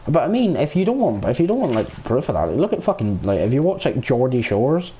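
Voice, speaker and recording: A man's voice: mid-range voice, big pitch swings, brisk, warm tone, slight background noise. An Irish man streaming a game, ranting in casual chat and swearing freely as he plays. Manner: profane, ranting, talks over gameplay.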